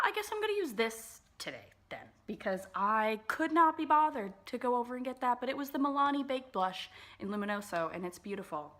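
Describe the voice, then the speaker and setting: A woman's voice: a little high, very animated, fairly quick, few pauses, a bit bright. A woman vlogger chatting casually through a makeup tutorial, bubbly and full of fillers, sometimes dropping into whispered asides. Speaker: beauty vlogger.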